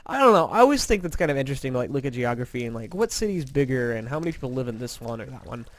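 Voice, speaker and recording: A man's voice: mid-range voice, big pitch swings, very fast. A man from Indiana casually chatting over a game he is playing, rambling and self-mocking, tired from little sleep. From Indiana, USA. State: tired, yawning. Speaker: gaming commentator. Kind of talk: casual let's-play chat.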